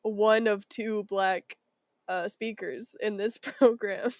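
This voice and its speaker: A woman's voice: mid-range voice, steady tone, slow. A woman co-hosting a podcast in casual chat, laughing often, repeating herself and swearing casually. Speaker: podcast co-host.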